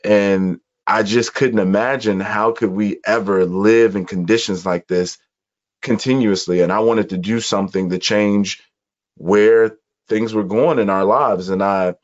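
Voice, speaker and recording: A man from Chicago speaks as a guest in a conversation, with an earnest, reflective manner and measured pauses. His voice sits on the low side. The recording is dull and somewhat muffled. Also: fairly even intonation. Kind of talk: personal storytelling in conversation.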